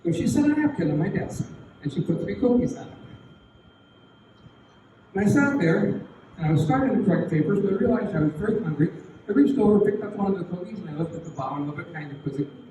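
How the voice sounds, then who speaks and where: A man's voice: high voice, fast, slight background noise. Older man telling a folksy tale, echoey hall. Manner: folksy, animated storytelling with chuckles. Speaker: retired English teacher. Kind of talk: anecdote at a class reunion. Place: reunion hall. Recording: echoey hall recorded from far off.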